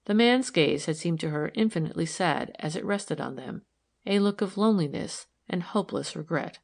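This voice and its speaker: A woman narrating a novel in an even, measured reading style. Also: low-pitched, vocal fry. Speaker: audiobook narrator. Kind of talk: scripted narration.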